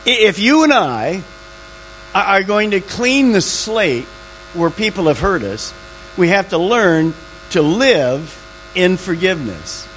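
Lively preaching man, faint hum. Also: sits high, poor audio. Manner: emphatic, drawn-out key words. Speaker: pastor. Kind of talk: sermon.

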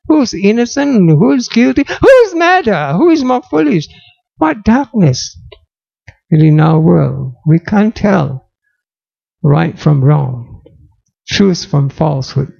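A man's voice: high-pitched, big pitch swings, takes it slowly, gravelly, a little mellow, lo-fi sound. A man preaching a sermon dramatically, using rhetorical questions.

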